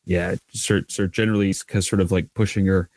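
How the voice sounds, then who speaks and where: A man's voice: deep voice, flat delivery, brisk, no room sound. A man playing in a tabletop role-playing game, laying out his plan with lots of hesitant restarts. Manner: hesitant, many restarts, acts out shouted lines. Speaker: player. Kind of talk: tabletop role-play, in and out of character.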